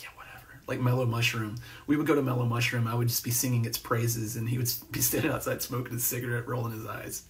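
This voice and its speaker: A man hosts a live stream and reads out comments as he goes, in an easygoing, meandering way full of "um" and false starts. His voice sits at an ordinary middle pitch. He is a little way off from the mic, so the sound sits back in the room. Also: recorded from a distance. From New Jersey. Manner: rambling, laid-back, many fillers and restarts. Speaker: host. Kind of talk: casual livestream chat reading comments. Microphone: phone or webcam on a live stream.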